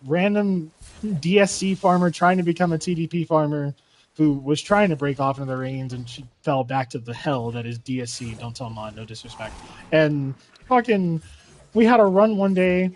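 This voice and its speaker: A man's voice: high-pitched, rough recording. A man in casual chat about gaming, heated and swearing, jumping between tangents. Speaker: gamer.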